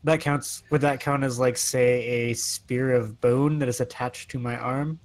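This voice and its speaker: A man's voice: medium pitch, steady tone, measured pace. Chatty man playing a tabletop game. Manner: chatty, asks lots of rules questions. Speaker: player. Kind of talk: casual tabletop game chat. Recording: faint music in the background.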